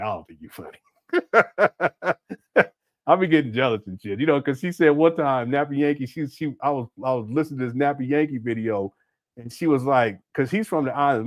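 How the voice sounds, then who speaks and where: Male livestream host, mid pitch, loose rambling delivery full of restarts and laughs. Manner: rambling, frequent restarts and fillers; loud, laughing banter with viewers. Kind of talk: casual livestream commentary.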